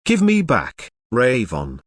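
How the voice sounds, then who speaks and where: A clever, sharp-tongued young princess, read out by a man. The voice rises and falls a lot at a middling pitch. The sound is dry and close. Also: sing-song, a little slow, no echo. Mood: curious. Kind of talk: reading a comic aloud.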